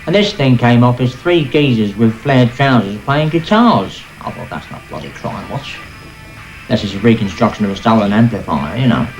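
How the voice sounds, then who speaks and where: A man's voice: medium pitch, animated, moderate pace, lo-fi sound, faint music behind, lightly acted. An actor playing a grumbling, matter-of-fact man, telling a story in a sketch comedy monologue.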